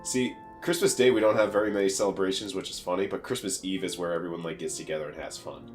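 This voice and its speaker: A man's voice: low voice, steady tone, fast, music in the background. A young American man co-hosting a podcast, rambling through casual stories with lots of fillers and laughter. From United States. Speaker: podcast co-host.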